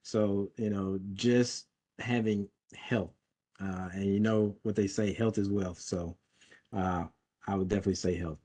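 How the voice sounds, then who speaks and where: A man's voice: fairly low pitch, fairly even intonation, measured pace, mellow. A man speaking as an interview guest, casual and hesitant, with many fillers and restarts.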